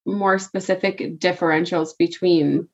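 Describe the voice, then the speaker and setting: A woman's voice: fairly low pitch, steady tone, a little slow, a little mellow. A woman co-hosting a podcast in casual chat, talking freely, thinking aloud and laughing easily. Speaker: podcast co-host. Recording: slightly dull lo-fi sound.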